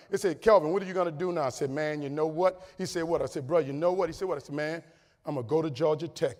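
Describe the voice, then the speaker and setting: A middle-aged man with a New Orleans accent giving an animated motivational speech full of stories, acting out the voices of people he quotes. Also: on the high side. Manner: animated, acts out quoted voices, laughing asides. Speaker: keynote speaker. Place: large hall with audience. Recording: long hall reverb.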